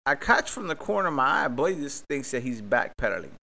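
Profane, excitable man telling a story. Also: mid-range voice, fairly quick, vocal fry. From Miami, Florida. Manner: profane, excitable, acts out the dialogue. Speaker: podcast host. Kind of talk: animated storytelling.

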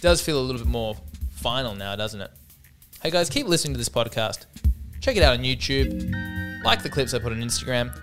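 A man with an Australian accent rambles through a solo comedy podcast. He is wry and self-deprecating, and his pitch swings widely, with faint music underneath. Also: sing-song, fairly quick, a bit bright. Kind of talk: casual solo podcast monologue.

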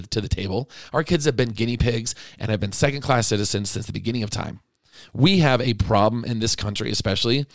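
A man's voice: medium pitch, vocal fry, dry recording, studio quality. A middle-aged man hosting a podcast, talking in an impassioned monologue that is indignant, emotional and pleading. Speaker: podcast host.

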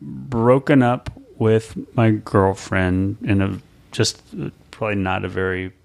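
A low-pitched man with a gravelly, fry-laden voice, sharing a story on a podcast. He rambles and stalls, with plenty of "um"s and false starts. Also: fairly even intonation, darkish tone. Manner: rambling, halting, many fillers and restarts. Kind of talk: casual podcast chat.

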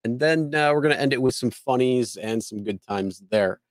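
A male co-host of a live talk show, chatting loosely and running through his list with many fillers and false starts. His voice sits at an ordinary pitch and is recorded close, dry, with no room sound. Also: moderate pace, no echo. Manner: rambling, many fillers and restarts. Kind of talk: casual live show chat.

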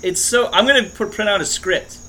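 A man with a bright, fairly high and edgy voice trades blunt, sardonic remarks as a podcast co-host. He swears often and mocks easily, in a loose conversational flow. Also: a little fast, rough recording. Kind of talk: casual chat.

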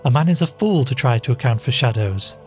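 A man voicing a brusque, secretive brother in a ghost story, sharp then forcedly easy. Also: medium pitch, expressive, a little fast, soft background music, lightly acted. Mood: uneasy.

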